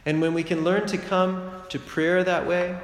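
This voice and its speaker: A middle-aged man preaching a sermon in a conversational way, with joking asides and quick rhetorical checks on the congregation. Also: high voice, level tone. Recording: roomy church reverb.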